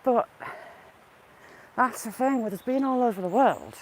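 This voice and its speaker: A woman's voice: fairly high pitch, lively intonation, unhurried, poor audio. Woman vlogger, slightly breathless, casual live-stream chat on an outdoor walk, faint hiss behind. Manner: chatty, greets viewers by name. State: a bit out of breath. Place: outdoors on a woodland walk by water.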